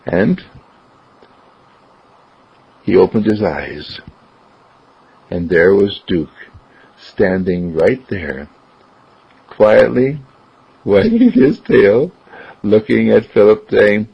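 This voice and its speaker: A man telling a story slowly and gently, with big pitch swings. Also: animated, creaky, husky. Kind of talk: told story. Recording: dull lo-fi recording.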